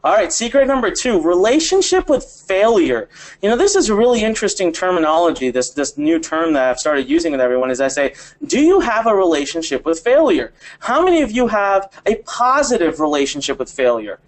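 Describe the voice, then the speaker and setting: A man's voice: high voice, sing-song, brisk. Guy hosting a motivation webinar, punchy and emphatic, keeps repeating himself and talking straight to the viewers. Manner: emphatic, repeats phrases, addresses viewers directly. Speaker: webinar host. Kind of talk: motivational live webinar talk.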